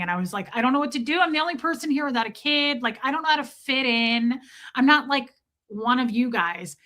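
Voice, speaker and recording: A woman in her thirties hosts a casual live stream with a bright, forceful voice pitched a little high. She tells a story animatedly, acting out her own quoted lines, and answers viewer comments as she goes. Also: quick pace. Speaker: livestream host.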